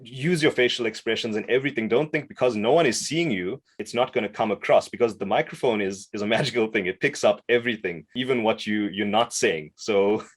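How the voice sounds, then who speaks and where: A man from South Africa with a fairly low voice talks through his path into voice acting in a podcast interview. He is animated and enthusiastic, speeding up in bursts and laughing easily as he goes. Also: a little fast, hardly any pauses, husky. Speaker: voice-over coach.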